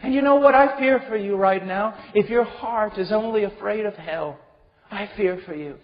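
A man preaching a sermon with passion, swinging from hushed tones to shouting. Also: high voice, normal speed. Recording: dull recording with long hall reverb.

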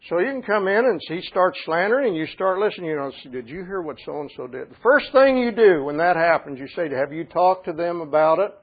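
A man preaching a sermon as a pastor, shifting between quiet storytelling and loud, emphatic passages. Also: sits high, lively intonation, fairly quick, few pauses. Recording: tinny phone-like sound.

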